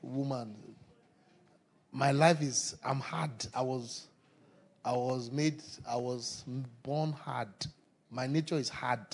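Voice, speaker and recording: A man preaching a sermon, animated and repetitive, often breaking into laughter. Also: mid-range voice, husky. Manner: animated, laughing, repeats phrases.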